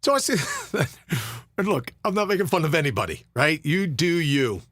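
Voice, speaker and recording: A middle-aged man spins a funny story as a podcast host, his pitch leaping up and down as he acts out other people's lines. The sound is dry and close, with no room around it. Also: sing-song, normal speed, a bit bright, no room sound. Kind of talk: storytelling monologue.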